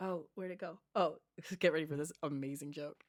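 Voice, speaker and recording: A woman's voice: deep voice, steady tone, brisk. A woman co-hosting a podcast, chatting casually in a giggly, self-deprecating way. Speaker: podcast co-host. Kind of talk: casual chat about reality TV.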